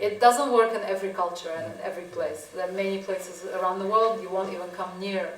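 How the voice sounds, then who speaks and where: A woman's voice: mid-range voice, fairly even intonation, fast. A woman photographer answering audience questions in a chatty, storytelling way, laughing often. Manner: chatty storytelling, frequent laughs and "you know". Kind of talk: gallery Q&A talk. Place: gallery talk in front of an audience. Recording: echoey room, voice from a distance, faint hiss.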